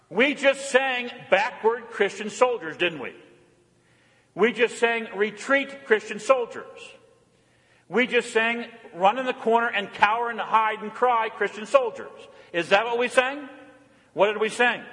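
A man preaching a sermon as pastor, emphatic and repetitive, often dropping to a quiet, intense delivery. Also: sits high, animated, a little slow, long reverb tail.

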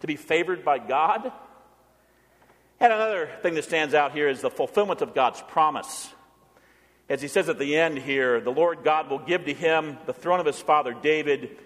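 A man preaching a sermon as pastor, animated, asking his congregation questions and getting them to answer. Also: fairly high pitch, moderate pace, big-room sound. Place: church sanctuary.

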